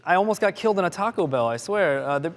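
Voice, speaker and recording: A man speaking as a game developer on a live panel, telling an animated anecdote and laughing often. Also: sits high, fast talker, slight background noise. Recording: long hall reverb from a live panel.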